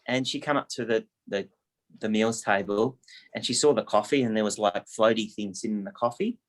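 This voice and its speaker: A man, a real estate agent telling a story and coaching in a casual, animated way. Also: lowish voice, moderate pace. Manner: animated anecdote teller, lively, acts out quotes.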